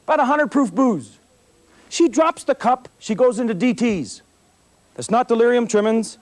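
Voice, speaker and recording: A man's voice: sits high, fairly quick, a faint crowd. A middle-aged man, a police officer, giving a motivational talk to a school assembly and acting out his stories with humor. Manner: animated storyteller, acting out scenes with humor. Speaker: police officer speaking to students.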